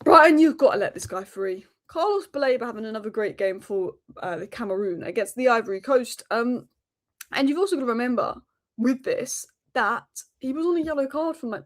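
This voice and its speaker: A woman hosting a daily football news roundup, talking rapid-fire and opinionated. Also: a little high, expressive, a little hiss or hum. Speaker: football channel host.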